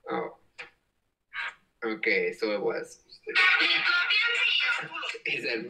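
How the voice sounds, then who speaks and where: A man's voice: on the low side, extremely slow, creaky, pauses often, bright, forceful tone, far from the mic, soft background music, low-quality recording. A young man hosting a casual livestream at home, reading comments and rambling with lots of giggles. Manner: giggly, rambling, frequent laughs. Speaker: livestream host.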